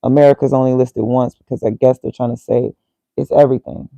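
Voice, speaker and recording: A man's voice: mid-range voice, steady tone, a little fast, creaky, warm tone, no room sound, low-quality recording. A man casually thinking aloud as he reads, muttering and reacting to himself. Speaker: vlogger.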